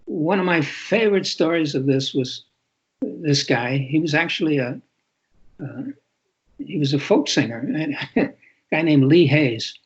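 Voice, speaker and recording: Reflecting in an interview, this New York City author in his eighties frequently repeats words to stress them. He talks a little slowly with many pauses, in a fairly high, breathy voice with lively intonation, and the recording is muffled and lo-fi.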